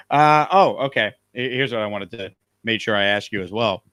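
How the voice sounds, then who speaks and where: A man's voice: lowish voice, normal speed, fairly bright tone, no room sound, studio quality. A man hosting a casual live stream from a hotel room, upbeat and reading out viewer comments. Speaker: show host.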